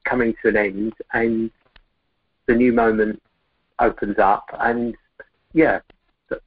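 A man calling in to a live show, speaking hesitantly and haltingly with many restarts. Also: fairly low pitch, steady tone, no echo. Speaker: caller. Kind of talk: call-in conversation. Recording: tinny phone line.

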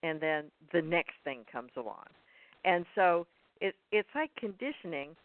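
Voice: mid-range voice, very animated, measured pace, dry recording. Hesitant speaker on a tinny phone line. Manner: hesitant, stumbling over words. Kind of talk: casual reflective conversation.

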